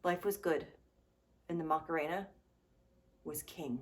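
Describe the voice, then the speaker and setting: A woman in her thirties giving sarcastic, comedic commentary on nostalgic trends, swearing and throwing in animated asides. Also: low-pitched, measured pace. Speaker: comedy vlogger.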